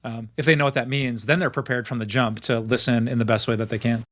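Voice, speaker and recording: A man's voice: medium pitch, fairly even intonation, quick pace, fairly bright tone, no echo. A pastor, a man, explaining ideas earnestly as an interview guest, laughing easily and building his points with examples. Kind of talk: conversational interview.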